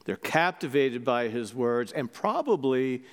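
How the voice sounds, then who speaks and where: A man preaching a sermon as a priest, telling stories in an animated way and acting out their voices. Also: mid-range voice, a little slow. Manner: animated storytelling, acts out voices. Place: church. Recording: long church reverb.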